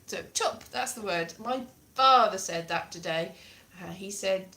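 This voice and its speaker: A woman's voice: medium pitch, measured pace, bright, forceful tone. A middle-aged woman from Wales, rambling through a casual, self-mocking monologue. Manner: chatty, wandering, self-mocking. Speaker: vlogger.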